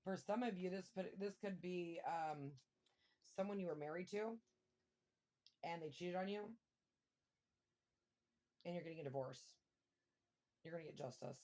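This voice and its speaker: A woman giving a casual tarot reading, thinking aloud and breaking into excited exclamations and mild swearing. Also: on the low side, normal speed, long pauses. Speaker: tarot reader.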